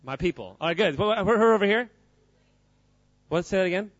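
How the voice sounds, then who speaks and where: A man's voice: sits high, animated, a little fast, no room sound, dull audio. A man giving an informal, joking talk to a live audience, quizzing the crowd as he goes. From United States. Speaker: speaker at a church gathering.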